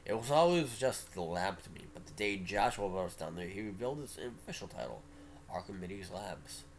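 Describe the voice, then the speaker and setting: Low-voiced, lively male streamer. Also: brisk, a little hiss or hum. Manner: casual, offhand asides. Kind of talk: reading a visual novel aloud.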